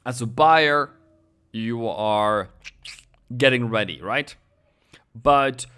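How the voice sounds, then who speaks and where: Slow, halting male market analyst. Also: fairly high pitch, fairly bright tone. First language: Norwegian. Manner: slow, halting delivery with frequent fillers and self-corrections; talks directly to viewers, thanks subscribers. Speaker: forex trading host. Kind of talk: live market analysis stream.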